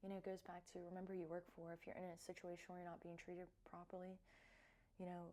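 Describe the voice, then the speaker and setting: A woman vlogger talking casually and softly, with lots of fillers and restarts, as she reflects on cards she has drawn. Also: on the low side, monotone, fast talker. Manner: soft-spoken, hesitant with many fillers. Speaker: wellness vlogger.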